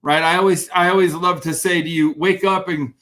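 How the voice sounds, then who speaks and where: Bright, high-voiced energetic motivational speaker man. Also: a little fast. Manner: energetic, greets viewers by name while reading comments. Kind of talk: live-streamed motivational talk.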